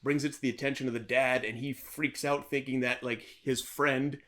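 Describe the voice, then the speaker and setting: A man's voice: medium pitch, little pitch movement, normal speed, a bit bright. A man hosting a podcast, casually retelling a film's plot in a rambling, chatty way and acting out the characters' lines. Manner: rambling storyteller, acts out quotes with laughs. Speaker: podcast host. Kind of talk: casual movie recap chat.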